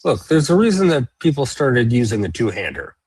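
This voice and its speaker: A man's voice: medium pitch, sing-song, brisk, darkish tone, husky, dry recording, rough recording. A man co-hosting a live tennis watchalong, chatting casually and giving blunt, laid-back opinions. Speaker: watchalong co-host. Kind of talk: casual chat about tennis.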